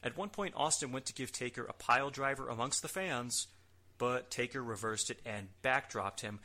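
A man's voice: mid-range voice, bright, forceful tone. A man hosting a podcast, giving a casual recap with wry, joking asides and the odd curse word. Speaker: podcast host. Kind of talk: casual recap narration of a wrestling show.

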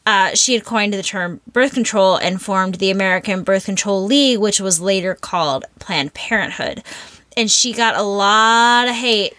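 A young woman co-hosting a podcast, chatting casually and animatedly, opinionated and quick to laugh. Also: medium pitch, sharp tone, no room sound. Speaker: podcast co-host. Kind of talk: casual chat.

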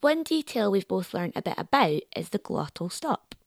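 A woman, presenting as a sociolinguist. She speaks in a clear, measured way. Her voice is close and dry, with no room sound around it. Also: medium pitch, big pitch swings, dry recording. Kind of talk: documentary narration and interviewing.

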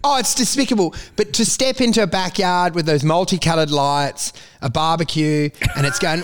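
Aussie guy on a podcast, slightly high smooth voice, swears a lot, keeps going "do you know?". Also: moderate pace, hardly any pauses. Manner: animated storytelling, swears freely, keeps asking "do you know?". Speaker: podcast co-host. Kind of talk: casual chat.

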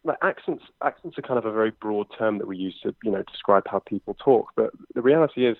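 With a lowish voice and lively intonation, this twenty-something impressionist and comedian from England talks in a London accent. The interview is conversational, and he's rapid and chatty with many fillers. The sound is a tinny phone line, dry and echo-free.

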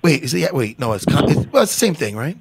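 A man's voice: on the high side, big pitch swings, fast talker, vocal fry, slight background noise. A man hosting a podcast, chatting casually and rambling with self-deprecating jokes and swearing. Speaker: podcast host. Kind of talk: casual interview chat.

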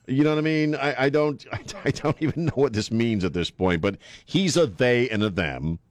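A man's voice: medium pitch, expressive, moderate pace, dry recording. A man hosting a talk radio show, joking and mocking as he comments, with asides to the caller and the studio. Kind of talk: casual talk radio monologue.

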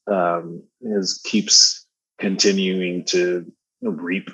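A man with a baritone voice chatting as a podcast guest, slangy and laid-back, laughing often. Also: little pitch movement, extremely slow, pushed and bright, slightly rough, dry recording, highs cut off. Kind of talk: casual conversational storytelling.

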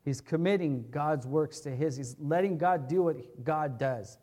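A man's voice: medium pitch, measured pace, few pauses, a little mellow. A man preaching an expository sermon in a conversational, earnest way, often checking in with his listeners and restating his points. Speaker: pastor.

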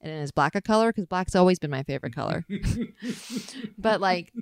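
A woman's voice: on the low side, lively intonation, moderate pace, no room sound, studio quality. Candid, rambling woman interviewer. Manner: open, rambling, self-reflective, laughs often.

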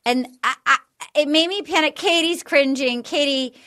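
A woman's voice: high-pitched, moderate pace, bright, forceful tone. A woman hosting a casual podcast chat, giggly and full of fillers as she recaps episodes. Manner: chatty, giggly, lots of fillers. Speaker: podcast host.

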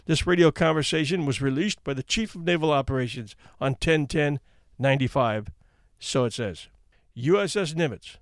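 A man's voice: fairly high pitch, dry recording. Man, storyteller, wry casual read-aloud, dry close sound. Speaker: storyteller reading anecdotes.

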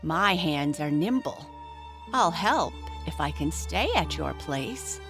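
A woman's voice: sits low, lively intonation, takes it slowly, music in the background, heavily acted. A woman voicing a tiny, posh, fussy male grub creature with a prim, matter-of-fact manner. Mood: helpful.

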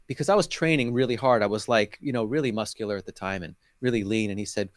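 A man's voice: mid-range voice, brisk, no echo, studio quality. A middle-aged man, a guest in an interview, earnestly telling his personal faith testimony with emotion and acting out his past conversations.

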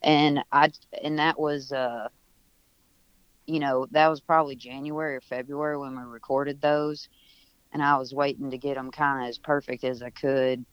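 A man with a smooth, clear voice tells his story in an easy, rambling way, circling back and restarting as he goes. He speaks from home on a video call, and the sound is dry and a bit dull, with no room echo. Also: mid-range voice, little pitch movement, normal speed, fairly bright tone. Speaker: musician guest. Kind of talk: casual remote interview.

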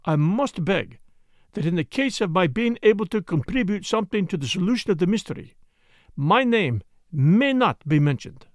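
A man's voice: high-pitched, animated, normal speed, no echo, studio quality. A man doing a precise, courtly old detective, Poirot. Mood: courteous. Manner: formal, courteous, precise phrasing. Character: fussy retired male foreign detective, polite.

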